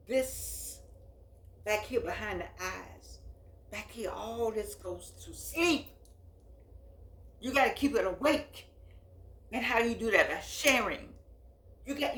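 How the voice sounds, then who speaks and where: A woman's voice: on the high side, a bit bright. Emphatic woman in her eighties, echoey room. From United States. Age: 80s. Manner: emphatic, repeats phrases, folksy and preacherly. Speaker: host. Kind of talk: impassioned address to camera. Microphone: phone.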